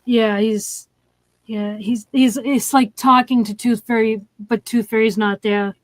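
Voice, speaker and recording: A woman's voice: a little high, steady tone, unhurried, no room sound. A woman hosting a casual movie review chat, recapping scenes with lots of "um"s. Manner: retelling scenes with many fillers. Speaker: podcast host.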